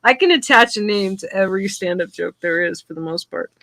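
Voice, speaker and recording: A woman from the Southern United States, a comic artist and stand-up comedian, hosts a stream where she chats casually, tells her stand-up jokes, and laughs often. Her medium-pitched voice is brisk, creaky, pushed, and bright, with no echo.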